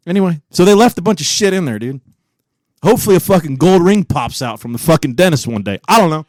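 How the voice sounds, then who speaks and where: A man in his forties, co-hosting a podcast, telling stories in a profane, animated way and laughing often. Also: fairly high pitch, fast talker, dry recording, studio quality. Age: 40s. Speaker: podcast co-host. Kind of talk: casual chat.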